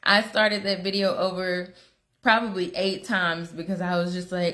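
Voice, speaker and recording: A woman's voice: on the low side, fairly even intonation, normal speed, pushed and bright. Candid woman sharing her faith story. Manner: candid, conversational, self-deprecating, laughs often; rambling with fillers and quoted inner dialogue. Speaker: guest speaker telling her faith story. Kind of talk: personal testimony.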